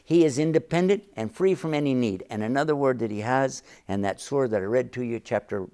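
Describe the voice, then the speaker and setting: A man's voice: medium pitch, a little fast, dark tone, smooth. A man, a sheikh who is a guest on the show, explaining his faith in an earnest, emphatic way and repeating key phrases. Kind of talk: religious teaching in an interview.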